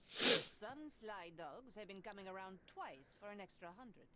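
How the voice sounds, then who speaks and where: A woman's voice: medium pitch, animated, unhurried, heavy background noise, lightly acted. A woman voicing a stern female project director, firm and dryly sarcastic, reading game dialogue aloud. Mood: brisk. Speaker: voice reader.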